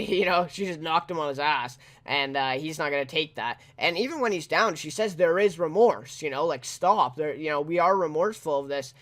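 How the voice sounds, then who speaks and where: In a loose, rambling spoken review of a TV episode, a man with a fairly high, sharp voice leans heavily on fillers and keeps adding tag questions to his sentences. He chuckles often as he talks.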